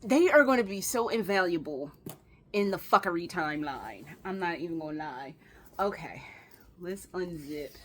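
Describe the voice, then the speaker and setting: A young woman vlogging an unboxing in a casual, excitable way, swearing freely and gushing over what she finds. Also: on the low side, moderate pace, slight background noise. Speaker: fashion vlogger. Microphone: camera with ring light.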